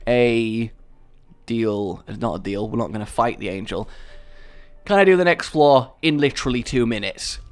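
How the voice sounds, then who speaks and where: A young man talks through his game in a chatty, self-deprecating way. His voice sits at a medium pitch but swings widely, jumping into excited bursts and then dropping back into low asides. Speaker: gaming video host. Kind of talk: casual let's-play commentary.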